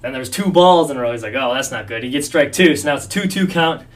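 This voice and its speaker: A man's voice: on the high side, fast talker, far from the mic. A man co-hosting a casual sports podcast, telling stories animatedly and acting out the quotes. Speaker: podcast co-host.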